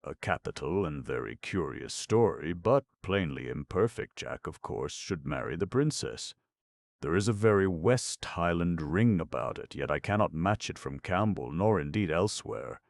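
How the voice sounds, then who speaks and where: A man reading folk tales and scholarly notes for an audiobook, steady and plain. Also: low-pitched, moderate pace, creaky. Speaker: audiobook narrator.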